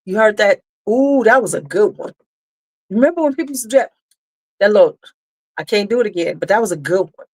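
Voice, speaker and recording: A woman's voice: mid-range voice, expressive, normal speed, long pauses, a little mellow. A woman hosting a casual livestream, talking bluntly with some cursing and answering viewers' comments as they come in. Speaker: beauty channel host.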